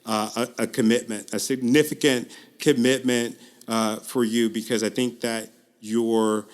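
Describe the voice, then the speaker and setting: A man working as a public speaking coach, giving a casual, earnest pitch straight to the viewer, with frequent ums, restarts and repeated phrases, his pace speeding up and slowing down. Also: level tone. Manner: uneven pace, speeds up and slows down. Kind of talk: casual direct-to-camera pitch.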